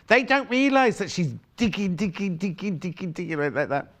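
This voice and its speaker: A man hosting live shopping television, with a slightly raised pitch and a very animated, swooping delivery. He jokes and teases between product prices in a chatty, playful way. His voice is picked up by a clip-on mic in a studio. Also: a little fast. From United Kingdom. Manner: playful, teasing, chatty, lots of asides. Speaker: shopping channel presenter. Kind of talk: live TV sales chat.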